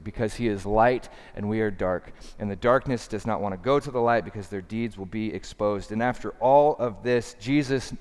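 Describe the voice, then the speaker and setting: Impassioned preacher in a reverberant hall. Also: male voice, fairly low pitch, smooth. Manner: impassioned, swings from loud emphasis to hushed. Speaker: pastor. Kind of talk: sermon.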